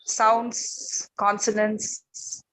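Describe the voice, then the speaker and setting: A woman's voice: mid-range voice, little pitch movement, very slow, a bit bright. A woman student giving short, tentative answers in class. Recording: distant from the mic.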